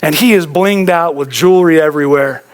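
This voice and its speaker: Man, pastor, church sermon, conversational, tells stories, higher voice. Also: fairly quick. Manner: conversational storytelling preacher, addresses audience as guys.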